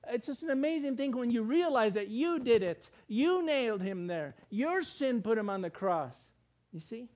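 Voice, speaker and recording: A man with a high-pitched voice preaching a sermon. He talks in a casual, emphatic way and often slips into quick acted voices for the people in his stories. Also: a little mellow. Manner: conversational, emphatic preaching with plain everyday words.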